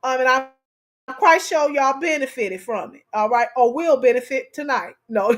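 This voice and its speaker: Her voice sits high and moves at a moderate pace as she runs a livestream. Casual and playful, she addresses viewers directly, animated and laughing a lot.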